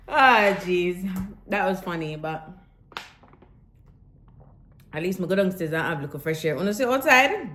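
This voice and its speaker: Give me a woman vlogging casually at home, animated, slipping into patois. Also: on the low side, measured pace, long pauses, a little hiss or hum. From Jamaican roots. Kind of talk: casual vlog chat.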